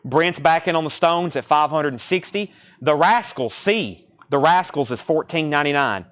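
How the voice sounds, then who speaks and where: A man in his thirties hosting a live-stream record sale, rattling off bids, buyer names and record details in a quick, rambling patter. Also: a little high, expressive, a bit bright.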